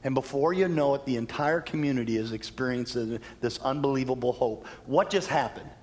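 A pastor preaching a sermon, telling stories and acting out quoted voices with a laugh now and then. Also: male voice, medium pitch, brisk, darkish tone, in a large hall.

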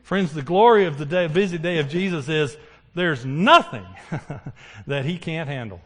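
A man preaches a sermon in an animated way, repeatedly asking the congregation questions and answering them himself. His voice is on the high side and slightly rough, at a measured pace.

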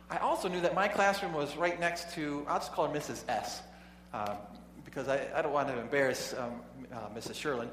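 A man's voice: a little high, expressive, brisk, fairly bright tone. Preacher man in an echoey hall. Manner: conversational, chuckling asides, frequent restarts. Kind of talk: sermon with storytelling. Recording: echoey hall with faint hum.

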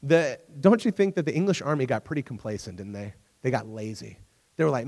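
A man preaching in a relaxed, chatty way, his voice sitting a little higher than most men's. He tells stories and briefly voices the people in them. A long reverb trails each phrase, as if he is speaking in a large hall. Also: quick pace. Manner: conversational, acts out characters in the story. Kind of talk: casual sermon with storytelling.

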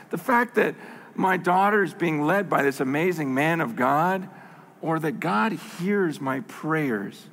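An older man, a grandfather, preaching a sermon as a pastor, telling stories and building to emphatic shouts. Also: high-pitched, measured pace, slight background noise. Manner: storytelling, animated, bursts into emphatic shouts.

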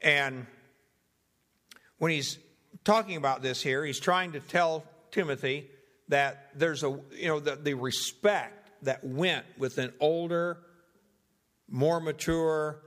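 A young man preaching, teaching through a Bible passage in a measured, deliberate way and going through its translations one by one. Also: on the high side, steady tone, fairly bright tone, in a large hall. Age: young adult. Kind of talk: expository Bible sermon.

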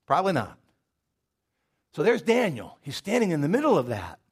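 A man's voice: on the high side, huge pitch swings, normal speed, breathy edge. A man preaching a sermon in a conversational storytelling manner, addressing the congregation directly.

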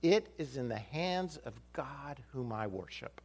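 A man's voice: mid-range voice, unhurried, slightly rough. A man preaching a storytelling sermon in a church, acting out the voices of the people in his story. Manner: animated, acts out dialogue with shifting voices. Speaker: pastor.

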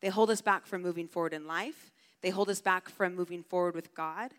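A woman's voice: lowish voice, fairly even intonation, a little fast. Chatty woman preaching in a big hall. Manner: casual, chatty, heavy use of "like". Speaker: camp speaker. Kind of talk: storytelling sermon. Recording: long hall reverb.

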